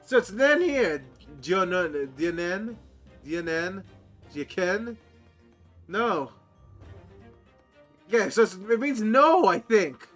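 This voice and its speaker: A male streamer commenting live on a game, excitable and swearing, with sudden loud outbursts. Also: high voice, drawn-out words, pauses often, faint music behind.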